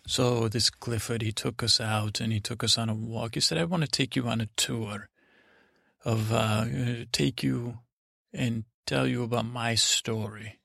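A man's voice: mid-range voice, fairly even intonation, a little slow, creaky, bright, forceful tone, no room sound, clean studio sound, full character voice. A man speaking as a blunt, plain-spoken stepmother, telling a rambling bedtime story in a drowsy way, full of restarts. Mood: wry.

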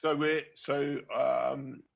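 A man's voice: medium pitch, little pitch movement, very slow, creaky. A man, a guest comedian, telling rambling anecdotes in a casual interview, laughing and swearing as he goes.

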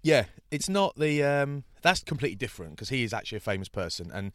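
A man's voice: mid-range voice, very animated, fast talker, no room sound, clean studio sound. A man chatting casually on a podcast, rambling through a story and mimicking the people who tease him. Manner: chatty, rambling, does mocking voices for hecklers. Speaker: rugby broadcaster and podcast co-host. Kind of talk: casual chat.

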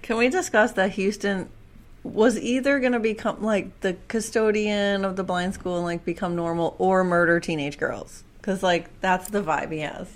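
A woman's voice: medium pitch, fairly even intonation, moderate pace. A woman co-hosting a podcast in casual chat, blunt, profane and enthusiastic. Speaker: podcast co-host.

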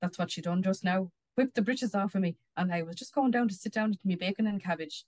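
A woman's voice: mid-range voice, fast, darkish tone, dry recording, natural voice. Irish woman reading as a meek little rural Irish man. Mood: wheedling.

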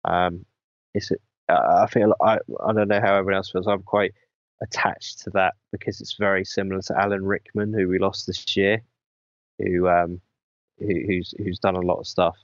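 A man in casual interview chat, talking hesitantly with many pauses and restarts. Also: deep voice, flat delivery, dry recording. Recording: dull dry lo-fi sound.

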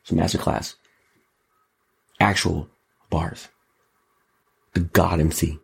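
A man hosting a show, giving casual, mocking commentary on pop culture and politics in an animated way. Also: takes it slowly, creaky, slightly rough. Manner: animated, mocking, jumps into high exclaims. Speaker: show host.

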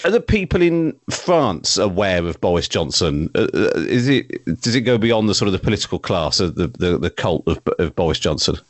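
A man's voice: low voice, big pitch swings, moderate pace, few pauses, no echo. A man hosting a podcast, asking long, conversational questions that wander before landing. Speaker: podcast host. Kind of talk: interview questions.

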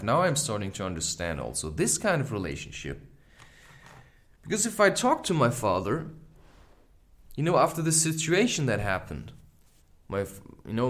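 A man in his thirties talks through a personal story on his podcast. His pitch rises and falls a lot as he speaks. He sounds reflective and candid, often pausing for small asides. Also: fairly bright tone. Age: 30s. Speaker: podcast host.

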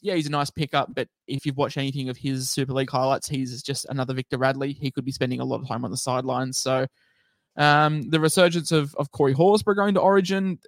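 A man's voice: medium pitch, no room sound. A man co-hosting a fantasy sports podcast, chatting casually and reeling off numbers with plenty of ums. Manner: chatty, stat-heavy, filler-laden. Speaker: fantasy rugby league co-host.

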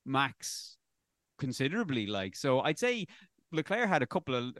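A man's voice: medium pitch, a bit bright, no echo. A man chats casually about racing, rambling and opinionated and often stopping to correct himself. His voice sits in a middle range. The recording is dry and close, with no room sound. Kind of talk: casual sports discussion.

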